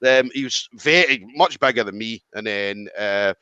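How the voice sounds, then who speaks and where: Here a Scottish podcast host with a lowish voice, at a normal speed, tells a story in easygoing chat, acting out quoted lines with animation and frequent swearing. Background noise is present, and the sound is dry and slightly dull.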